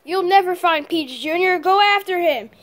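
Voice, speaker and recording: A woman's voice: extremely high pitch, normal speed. A woman voicing a scheming male turtle king who gives orders and gloats in a homemade toy play. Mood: gloating. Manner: gloating, bossy. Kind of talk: toy play narration with voices.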